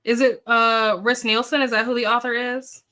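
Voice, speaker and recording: A woman with a slightly higher voice hosts a relaxed live chat about books. She sounds upbeat and chatty, reacting to her viewers with quick oohs and okays. She thinks aloud freely, dropping in ums and uhs as she goes. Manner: chatty, upbeat, reacts to comments with ooh and okay. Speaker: booktube livestream host.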